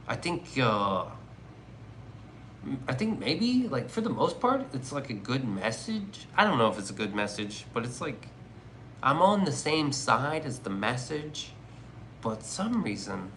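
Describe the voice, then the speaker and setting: A man's voice: mid-range voice, a bit bright, a little hiss or hum. Profane joking male streamer. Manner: profane, joking, rambling banter. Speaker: livestreamer reading chat. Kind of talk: casual livestream chat.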